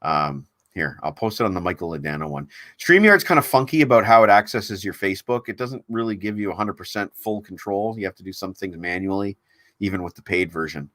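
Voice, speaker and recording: A livestream host with a fairly low, expressive, slightly bright voice chats casually, wandering between thoughts with stops and restarts and reading viewer comments aloud. He's on a laptop stream's desk mic, and the sound is dry and close with no echo or room around it.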